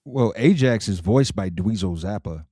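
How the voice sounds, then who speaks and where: A man's voice: fairly low pitch, expressive, moderate pace, mellow, dry recording, clean studio sound. A man co-hosting a podcast, recapping episodes in a matter-of-fact way in casual chat. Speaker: podcast co-host. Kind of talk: casual chat, reading show notes.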